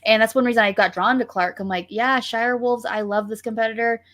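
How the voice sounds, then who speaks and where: A woman co-hosting a casual podcast, easygoing and rambling as she reminisces. Her voice sits a touch high. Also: steady tone, a little fast, a bit bright. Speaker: podcast co-host.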